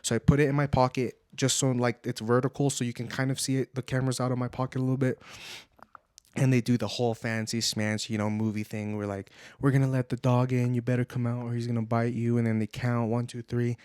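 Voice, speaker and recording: A man's voice: mid-range voice, fast talker, smooth, no echo, studio quality. A young man co-hosting a podcast, telling a scary personal story in casual chat, with lots of "like" fillers and the odd Spanish phrase. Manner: animated, heavy use of "like", drops Spanish phrases. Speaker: podcast co-host. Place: home podcast setup.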